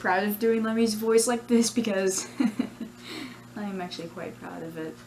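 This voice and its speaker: Giggling and rambling with evident self-satisfaction, a plush video creator talks casually in her vlog about her plush characters. Her mid-range voice is darkish and moderately paced, in a low-quality recording carrying a little hiss or hum.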